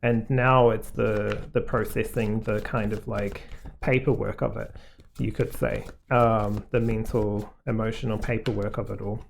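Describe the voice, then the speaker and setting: A man giving a casual, rambling tarot card reading to viewers, full of "like" and "um", in a gently reassuring way. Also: lowish voice, little pitch movement, unhurried, vocal fry, a little hiss or hum. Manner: rambling, heavy on fillers like "like" and "um".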